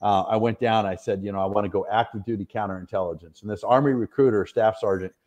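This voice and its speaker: Fast and steady, with a fairly low, darkish tone, the voice comes through dull audio. The speaker is a middle-aged northwestern American and retired soldier guesting in a laid-back interview, where he rambles through lengthy stories, self-deprecating and full of fillers.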